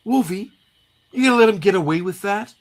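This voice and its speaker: A man reading a comic aloud and voicing a brash, loud-mouthed teenage girl with a shrill, jeering voice. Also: expressive, brisk. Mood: goading.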